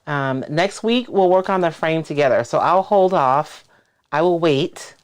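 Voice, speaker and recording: A man's voice: a little high, expressive, measured pace, smooth. A man hosting a casual crafting livestream, explaining his plans as he works and thinking aloud. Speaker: crafter and host.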